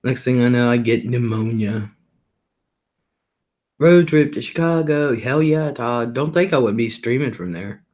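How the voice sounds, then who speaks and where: A man's voice: medium pitch, a little slow, a little mellow. A middle-aged man hosting a livestream, talking casually and rambling about his day, often laughing and swearing offhandedly. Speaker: livestream host.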